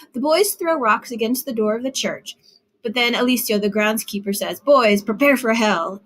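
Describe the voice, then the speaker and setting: A woman narrating a literary short story in a measured storytelling manner with lively phrasing. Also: mid-range voice. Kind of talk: literary fiction reading.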